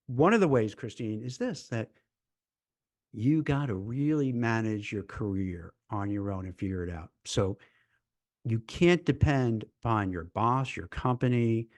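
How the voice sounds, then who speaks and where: A man's voice: medium pitch, normal speed, dry recording. A man working as a recruiter and hosting a casual live-stream chat, speaking animatedly and stumbling over repeated words as he gets fired up. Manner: animated, acts out dialogue in mock voices, repeats words when fired up. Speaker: recruiter and show host.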